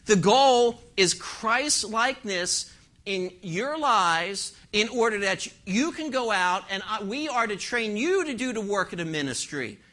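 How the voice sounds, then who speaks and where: A man's voice: high-pitched, very animated, a little slow, sharp tone. A man, a pastor, preaching an emphatic sermon in church and firing rhetorical questions at his congregation. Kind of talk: expository sermon.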